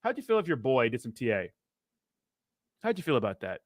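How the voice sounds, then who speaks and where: A man's voice: mid-range voice, wildly swooping pitch, brisk, no room sound, clean studio sound. A man hosting a casual crypto livestream, rambling and joking as he reads viewer comments aloud.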